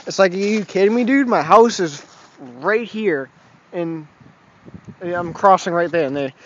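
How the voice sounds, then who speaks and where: A young man from Massachusetts vlogging casually, rambling and swearing as he chuckles over his run-ins with the cops. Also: high-pitched. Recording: dull lo-fi home video audio with faint noise.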